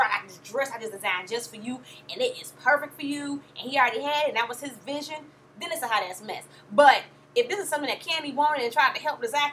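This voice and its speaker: A woman's voice: high-pitched, sharp tone. A young woman giving a sassy, blunt, profane vlog review of a reality show, sounding tired. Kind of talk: casual vlog commentary.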